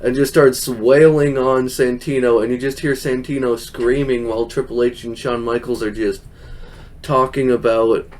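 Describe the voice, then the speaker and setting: A man's voice: medium pitch, level tone, moderate pace, darkish tone. A young man hosting a podcast, recapping a show in casual, rambling chat, laughing often and quoting people in silly voices. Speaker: podcast host.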